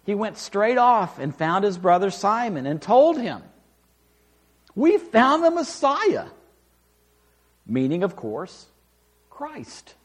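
A man preaching a sermon, reading scripture aloud and explaining it with emphatic, animated delivery. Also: high voice, measured pace. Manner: animated, rising and falling for emphasis, acts out quoted lines.

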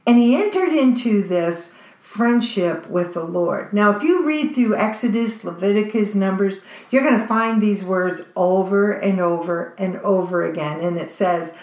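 Woman, preacher, slow, earnest, echoey room. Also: medium pitch, lively intonation, a little mellow. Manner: conversational, earnest, with fillers. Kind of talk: sermon. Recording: roomy echo.

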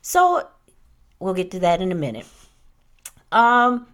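Brief: young woman host, lively storyteller with a low, swinging voice. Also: takes it slowly. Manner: animated, acts out quotes, talks with "like" and "right?". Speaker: podcast host. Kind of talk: casual storytelling chat.

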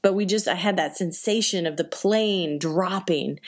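Animated woman telling a story. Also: fairly low pitch, measured pace. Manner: animated, acts out voices and reactions; conversational, many fillers like "like" and "right?". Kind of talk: personal anecdote told to an audience.

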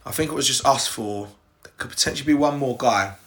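A man's voice: medium pitch, fast talker, fairly bright tone. A young English man telling personal stories in a casual, rambling way, swearing freely and talking straight to his listeners. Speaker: podcast host.

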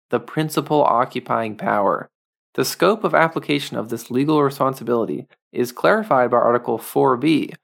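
A man's voice: mid-range voice, creaky, a bit bright. A man voicing an earnest male activist reading a legal manifesto aloud in a put-on Taiwanese accent, with formal, recited phrasing.

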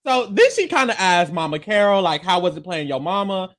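A man casually recapping a reality show, slangy and animated, acting out quotes in campy voices. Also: sits high, a little fast. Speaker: podcast co-host.

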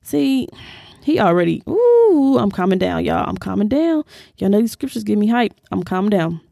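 A woman hosting a podcast, teaching scripture in a casual, animated way and talking straight to her listeners. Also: medium pitch, a little fast, vocal fry, no room sound, clean studio sound.

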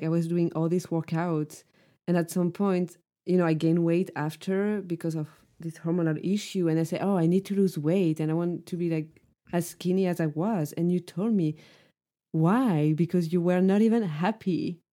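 A woman's voice: fairly low pitch, steady tone, normal speed, mellow. A woman co-hosting a podcast, speaking earnestly in casual chat and filling her sentences with "like". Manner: frequent "like" fillers, earnest. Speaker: podcast co-host.

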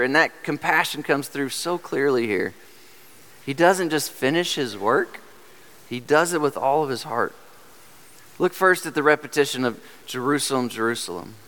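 In a church sanctuary with long hall reverb, a man preaches a sermon as pastor, earnest and direct, posing rhetorical questions to the congregation. His voice sits on the high side and is a bit bright.

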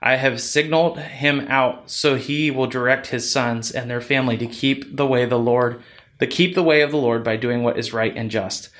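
A man reading the part of the Lord in a calm, measured voice. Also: medium pitch, close to an everyday voice. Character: the Lord, calm divine male voice.

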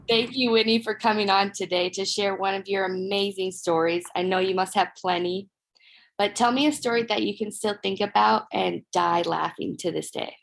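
A woman hosts an interview, introducing her guest and inviting a story. Her voice carries a gravelly, creaky texture as she speaks. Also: mid-range voice, steady tone, normal speed. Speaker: host.

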